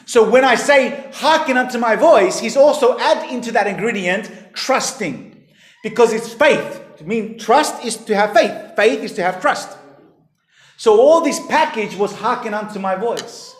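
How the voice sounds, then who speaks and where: A man preaching a sermon as pastor, emphatic, his voice rising and falling in pitch and volume. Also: expressive, measured pace. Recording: echoey hall.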